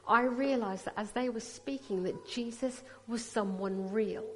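Earnest woman preaching in a reverberant hall. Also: a little high. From raised Sikh. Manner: earnest, personal, with quick apologetic asides. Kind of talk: sermon testimony.

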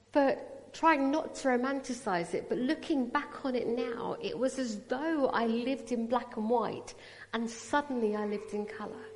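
A woman preaching a personal testimony, her voice pitched a little high and carried by a long reverb. She speaks earnestly and breaks off now and then for brief apologetic asides. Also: darkish tone. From raised Sikh. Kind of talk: sermon testimony. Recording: hall reverb.

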